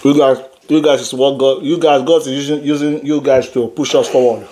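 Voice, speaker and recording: A man's voice: mid-range voice, fairly even intonation, fairly quick, warm tone, a little hiss or hum. A man hosting a casual family eating video at home, teasing his daughter and laughing often while he eats. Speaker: father and channel host. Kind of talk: casual family mukbang chat.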